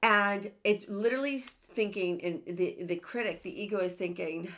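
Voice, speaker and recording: A woman's voice: medium pitch, normal speed, fairly bright tone. A woman hosting a self-help podcast, speaking earnestly and emphatically and often asking rhetorical questions. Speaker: podcast host.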